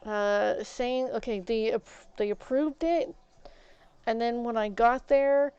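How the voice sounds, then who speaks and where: A young woman livestreaming, chatting casually and rambling through a school story with many fillers and restarts, getting animated as she goes. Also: on the high side, takes it slowly, smooth, dry recording. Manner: grows animated and loud retelling arguments. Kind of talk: casual storytelling chat while gaming. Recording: slightly dull lo-fi stream audio.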